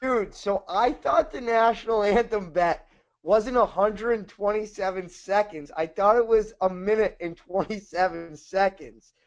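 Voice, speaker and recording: A man's voice: high voice, unhurried, dull audio. A man co-hosting a podcast in casual chat, telling rambling, profane stories. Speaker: podcast co-host.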